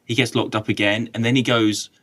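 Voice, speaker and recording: A man's voice: mid-range voice, little pitch movement, a little fast, fairly bright tone. Laid-back man chatting on a podcast. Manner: laughs often, easygoing. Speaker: podcast co-host. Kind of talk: casual chat.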